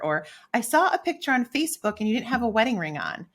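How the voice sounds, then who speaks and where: Woman, middle-aged, podcast co-host, lowish pitch, bright forceful tone, candid, animated storytelling. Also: fast. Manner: candid, animated, acts out her own inner dialogue. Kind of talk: casual personal storytelling.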